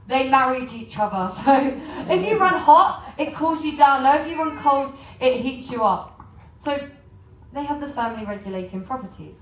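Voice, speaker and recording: A woman's voice: sits high, fairly bright tone, echoey room, distant mic, low-quality recording. An English woman giving a joking, chatty sales talk about shopping to a live audience, often asking the crowd questions. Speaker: cruise port shopping presenter. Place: large room on a cruise ship.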